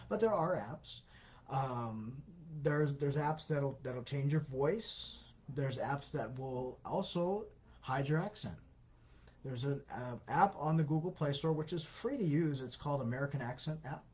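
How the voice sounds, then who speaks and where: A man's voice: on the high side, darkish tone, slightly rough. A man hosting a casual Q&A, answering viewer questions in a conversational, advisory way with many fillers. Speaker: host of an anti-scam Q&A. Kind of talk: casual livestream Q&A. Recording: dull lo-fi sound.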